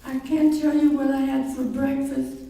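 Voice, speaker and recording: A woman's voice: high voice, little pitch movement, normal speed, gravelly, dark tone. A woman voicing a forgetful, frantic older man complaining to his doctor in a joke, recorded from far off in an echoey room. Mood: anxious.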